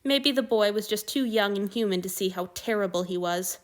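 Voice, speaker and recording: A woman narrating an audiobook reading of fan fiction in a steady storytelling manner. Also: medium pitch, brisk.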